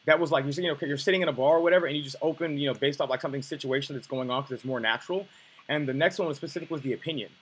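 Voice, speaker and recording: A quick, husky man teaches a dating lesson. His voice sits a bit high for a man, and he rattles through points bluntly, swearing for emphasis. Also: fairly bright tone, poor audio. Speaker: dating coach. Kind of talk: coaching lesson.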